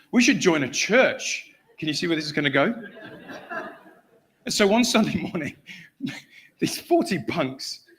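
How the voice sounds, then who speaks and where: Animated man telling a sermon story. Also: fairly high pitch. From England. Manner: animated storyteller, acts out shouted voices, laughs often. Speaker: guest preacher. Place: church.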